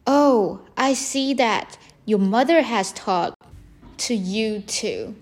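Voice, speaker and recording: A woman's voice: fairly high pitch, lively intonation, slow, faint music behind. Woman voicing a friendly hissing young snake.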